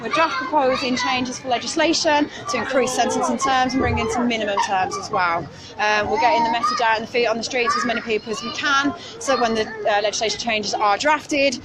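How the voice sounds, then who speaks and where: High-voiced Brummie woman campaigning outdoors. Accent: Birmingham. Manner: passionate, argumentative. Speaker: street campaigner. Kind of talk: livestreamed street outreach. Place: busy city street outdoors. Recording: street crowd noise. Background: crowd.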